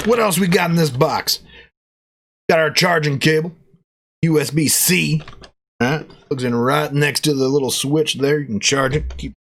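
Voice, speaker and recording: Playful man unboxing gear. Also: moderate pace. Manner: playful, jokey cowboy persona with excited pitch jumps. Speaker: product reviewer. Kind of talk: casual unboxing vlog.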